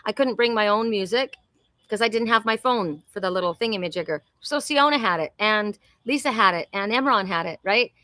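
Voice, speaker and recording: Effusive woman in her sixties, bright voice. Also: medium pitch, a little fast, no room sound. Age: 60s. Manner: effusive, chatty, talks to viewers by name. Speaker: host. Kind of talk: live-stream oracle reading and chat.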